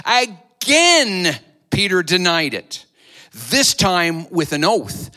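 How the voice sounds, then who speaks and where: A man's voice: high voice, big pitch swings, takes it slowly, bright, forceful tone. A man preaching a sermon to his church, retelling a story dramatically and acting out the voices. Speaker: pastor.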